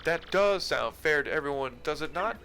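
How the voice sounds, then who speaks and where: A grandiose male explorer with a fancy put-on accent, played by a man, strutting through every line. The tone is bright and forceful, and the pitch sits a little high. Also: expressive, normal speed, creaky, a little hiss or hum, heavily acted. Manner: pompous, grandiose.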